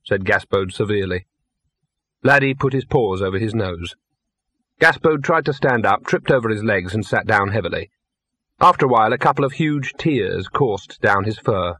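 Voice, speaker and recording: A man reading a comic novel aloud as audiobook narrator, wry and measured. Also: fairly low pitch, animated, sharp tone, breathy edge, no room sound. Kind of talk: scripted narration.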